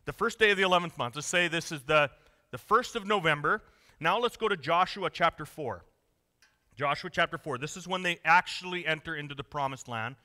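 A man's voice: fairly high pitch, normal speed, bright, forceful tone. A man preaching a conversational, joking sermon in a church. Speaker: pastor. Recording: long reverb of a church hall.

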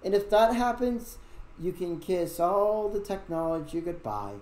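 A woman's voice: fairly low pitch, expressive, a little slow, warm tone. A woman hosting a casual conversation, talking in a loose, rambling, chatty way. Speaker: show host. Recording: roomy echo.

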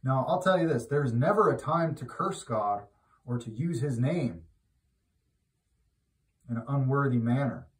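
A man giving an informal, conversational sermon who grows loud and emphatic when he exhorts. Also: medium pitch, lively intonation, measured pace, pauses often. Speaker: preacher. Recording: roomy echo, mic at a distance.

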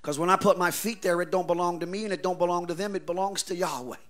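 Fiery high-voiced male preacher. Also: fast. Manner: fiery, swings from soft asides to shouting. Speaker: pastor. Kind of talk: revival sermon.

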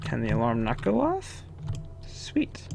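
A man's voice: mid-range voice, wildly swooping pitch, measured pace, creaky, background noise. A young man casually commenting on his own gameplay, swearing, chuckling and talking to himself. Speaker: gaming video host. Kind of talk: casual let's-play commentary.

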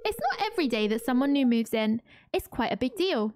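A woman's voice: high-pitched, big pitch swings, a little fast, darkish tone, slight background noise. A woman voicing an older male town mayor who greets a new resident in a farming game. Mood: welcoming. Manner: formal, chatty welcome.

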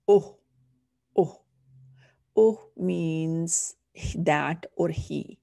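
A woman's voice: lowish voice, unhurried, vocal fry, warm tone, husky, dry recording, studio quality. A woman with a Punjabi accent, a teacher patiently explaining a lesson step by step. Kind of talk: recorded online lesson.

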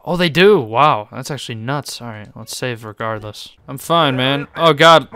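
A young man giving excitable gaming commentary, swearing, laughing and making sarcastic remarks as he plays. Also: mid-range voice, moderate pace, hardly any pauses. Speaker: gaming YouTuber.

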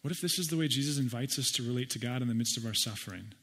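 A man's voice: medium pitch, racing, fairly bright tone. Man, middle-aged pastor, casual sermon, repeats words, rises for scripture readings.

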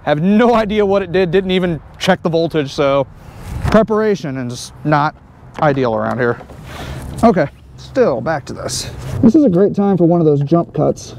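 A man hosting a casual vlog outdoors beside a vehicle, excitable and full of jokes. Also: a little high, moderate pace, a little hiss or hum. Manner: excitable, joking, wisecracking. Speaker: host.

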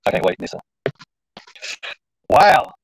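A man hosting a casual livestream rambles informally and slangily, often talking to himself while he fiddles with the screen. He speaks slowly, and the recording is dry and rough.

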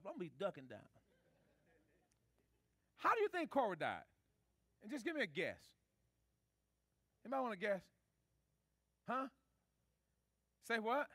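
A pastor preaching a sermon, calling out questions for the congregation to answer. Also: male voice, extremely high pitch, pushed and bright, dry recording, studio quality. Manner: preaching with call-and-response to the congregation.

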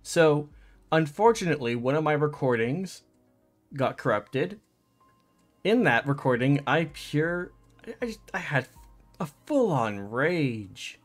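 A man with a fairly high voice talks through his gameplay in a loose, let's play way, often muttering to himself and breaking into exasperated outbursts. Soft game music plays faintly underneath. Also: big pitch swings, takes it slowly. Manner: frustrated, exclamatory, talks to himself while playing. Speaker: gaming channel host.

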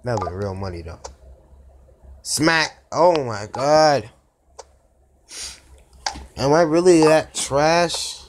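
A man talks through mobile gameplay, quick to exclaim and groan at every try. The phone recording has clear background noise and tapping clicks. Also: fairly high pitch, lively intonation. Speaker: gaming YouTuber. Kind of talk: casual mobile gameplay commentary.

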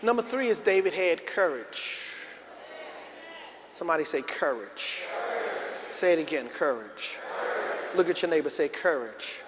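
Preaching to a full congregation in a large sanctuary, a middle-aged pastor speaks unhurriedly and with animation, pausing often in a fairly high voice. He draws responses from the crowd as he climbs to emphatic high points, captured live with reverb and background noise.

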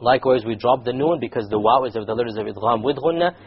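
Male teacher, husky and fairly high, patient recitation lesson, muffled lo-fi sound. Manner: patient, repetitive, quizzes the class; slowly demonstrates recited words.

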